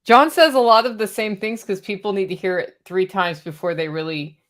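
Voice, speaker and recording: A woman hosting a relaxed livestream conversation, chatty and quick to laugh. She asks questions and chimes in with short remarks. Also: medium pitch. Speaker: host.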